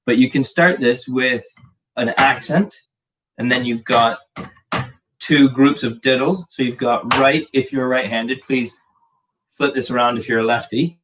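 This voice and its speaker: Joking drum teacher, distant noisy mic. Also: male voice, medium pitch, fairly even intonation, unhurried. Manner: jokey, rambling, self-deprecating. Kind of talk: casual video lesson. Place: home drum room. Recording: distant mic with clear background noise.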